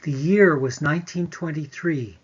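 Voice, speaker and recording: A man, the author, reading a short afterword in a plain, measured way. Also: a little high, slightly rough. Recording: dull, lo-fi recording.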